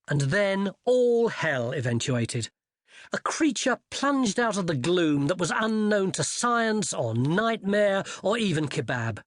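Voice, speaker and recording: An audiobook narrator giving lively scripted narration of a comic fantasy novel. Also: mid-range voice, takes it slowly, no room sound, clean studio sound.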